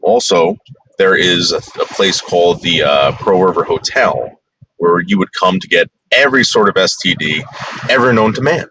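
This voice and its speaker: A man's voice: low voice, moderate pace, background noise. A man from the New York area, bluntly narrating a casual tour in a rambling, crude way. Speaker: vlogger.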